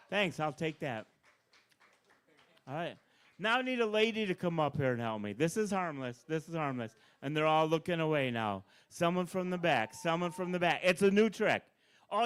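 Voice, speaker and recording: A man doing live stand-up at an open mic, bossing an audience volunteer around with playful, deadpan asides. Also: fairly high pitch, clear, resonant tone. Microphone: handheld stage mic.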